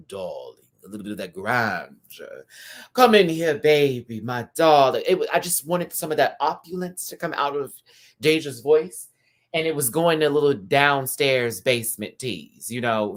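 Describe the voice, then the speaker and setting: A man hosting a casual live review stream, campy and animated, chatting asides to his viewers. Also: medium pitch. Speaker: YouTube host reviewing a TV show.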